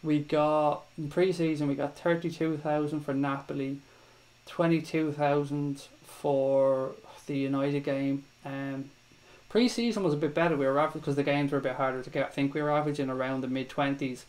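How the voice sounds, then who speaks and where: An Irish man hosts a live fan stream, reading viewer comments and chatting casually, calling people mate and swearing freely. His voice is on the high side and a little mellow, with fairly even intonation and a moderate pace. The audio quality is poor.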